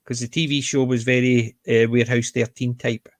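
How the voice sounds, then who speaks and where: A man's voice: mid-range voice, little pitch movement, normal speed, no room sound. Man in a dry-sounding chat. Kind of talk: casual chat.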